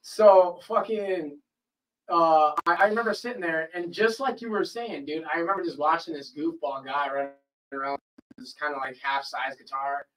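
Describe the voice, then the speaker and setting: A man's voice: a little high, moderate pace, recorded from a distance, poor audio. A man, a podcast host, telling a long story in casual chat, swearing freely and acting out the people he quotes. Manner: animated, profane, acts out quoted people. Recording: voice a bit off-mic.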